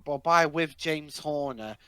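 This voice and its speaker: A man trades sarcastic quips in casual commentary chat. His voice is bright and a little high. The sound is dry and close to the mic. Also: a little slow, smooth, no echo. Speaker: commentary co-host.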